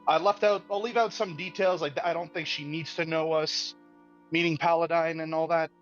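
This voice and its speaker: A man's voice: a little high, steady tone, faint music behind. Hesitant man, muffled lo-fi sound. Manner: hesitant, halting. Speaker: tabletop game player. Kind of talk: casual game table chat. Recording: slightly dull lo-fi sound.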